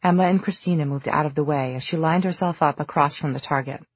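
An audiobook narrator reading a novel in steady, even storytelling. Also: mid-range voice, fast, few pauses, breathy edge, no room sound, lo-fi sound. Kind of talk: scripted narration.

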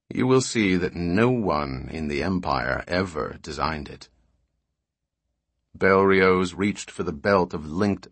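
A man reading a novel aloud in a measured narration. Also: low-pitched, a bit bright, husky, dry recording. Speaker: audiobook narrator. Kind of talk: scripted narration.

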